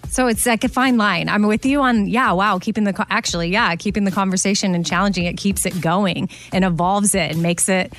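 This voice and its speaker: A woman's voice: mid-range voice, brisk, hardly any pauses, a bit bright, soft background music. A woman co-hosting a radio talk show, chatting in an agreeable, casual way.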